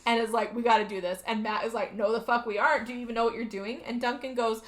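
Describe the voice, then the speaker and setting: A woman's voice: a little high, steady tone, fast. A woman co-hosting a podcast, animatedly retelling a movie plot and acting out the characters' lines. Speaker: podcast co-host recapping a movie. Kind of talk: casual chat.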